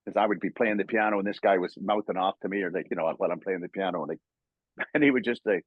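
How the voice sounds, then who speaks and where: A man's voice: low-pitched, fast, no room sound, narrow, tinny audio. An older Canadian man telling stories in a casual interview, laughing often and stammering as he acts out old quotes. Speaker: voice actor guest.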